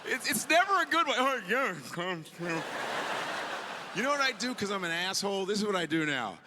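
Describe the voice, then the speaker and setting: A man performing a stand-up comedy set on a club stage, acting out characters with sudden shouted outbursts. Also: high voice, fast. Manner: animated, acts out characters with big shouted outbursts. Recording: live club recording with audience noise.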